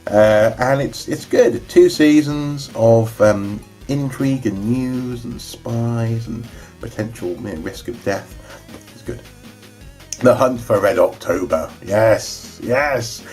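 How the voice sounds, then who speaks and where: A man's voice: medium pitch, slow pace, dark tone, faint music behind. A young man chatting casually about his film collection, rambling and enthusiastic, with many fillers and restarts. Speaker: vlogger reviewing his DVD collection. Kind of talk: casual chat.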